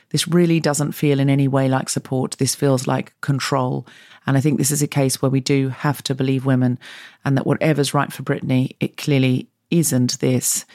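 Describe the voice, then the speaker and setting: A woman's voice: deep voice, a little mellow, no echo. Sincere woman host, dry sound. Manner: sincere, measured. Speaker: podcast host. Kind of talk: earnest spoken message.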